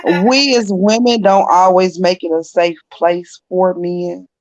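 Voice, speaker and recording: A woman's voice: lowish voice, fairly even intonation, a little slow, a little mellow, no echo, dull audio, faint music behind. A woman in casual chat, telling stories in a matter-of-fact way.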